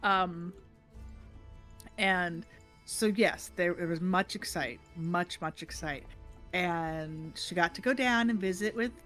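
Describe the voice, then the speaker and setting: An older woman hosting a livestream, telling a family story in animated casual chat and laughing often. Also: fairly low pitch, slow, faint music behind. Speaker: livestream host.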